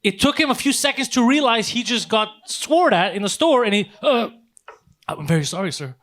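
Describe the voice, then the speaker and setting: A man co-hosting a comedy podcast, telling a story in a casual, animated way with plenty of swearing. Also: very high-pitched, normal speed. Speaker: podcast co-host.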